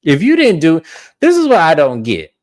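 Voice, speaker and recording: A man hosting a casual reality TV recap, animated and blunt, swearing freely and acting out quotes. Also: moderate pace, no echo, clean studio sound. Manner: animated, acts out quotes in a high put-on voice.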